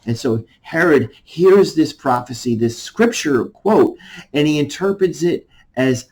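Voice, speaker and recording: A man's voice: on the high side, lively intonation, measured pace, a little mellow, low-quality recording. A man, an army chaplain, giving a conversational devotional message and reading scripture passages aloud.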